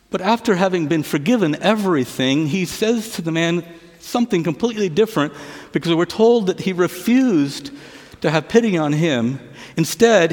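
During a church service, a pastor's sermon retells a parable, and he frequently sinks into a low, quiet voice between his asides. A long reverb tail follows his words.

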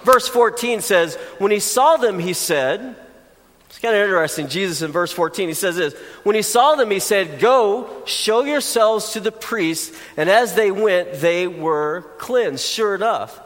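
A man's voice: high voice, expressive, moderate pace, a bit bright, long reverb tail. A man preaching a sermon in a conversational way, with joking asides to the congregation. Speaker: pastor.

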